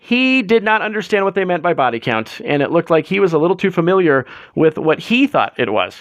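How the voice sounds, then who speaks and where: A man hosting a live show in casual chat, rambling and excitable as he tells stories, swearing freely, on a close mic. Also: sits high, brisk. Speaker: livestream host.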